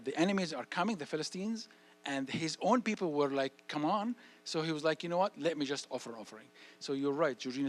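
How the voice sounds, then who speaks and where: A man, a guest speaker answering audience questions about parenting in a church hall. He is animated, acts out little dialogues and repeats key phrases. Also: on the high side.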